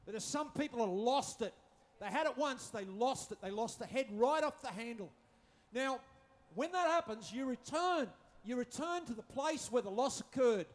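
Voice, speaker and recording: High-voiced joking preacher man. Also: expressive, moderate pace. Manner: humorous, acting out quotes, repeats phrases. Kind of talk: sermon.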